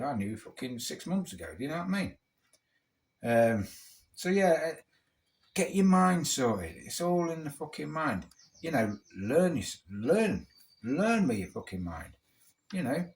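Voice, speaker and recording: A man's voice: on the high side, big pitch swings, moderate pace. A British man talking in a casual, rambling monologue over a beer, blunt and swearing heavily. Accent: British English. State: drinking beer. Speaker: vlogger.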